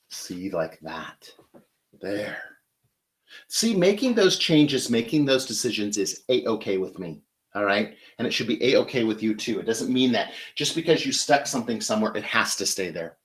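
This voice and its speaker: A man's voice: on the low side, sing-song, normal speed. A man hosting a live flower-arranging demonstration, chatty and enthusiastic as he talks while working with his hands. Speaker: florist host.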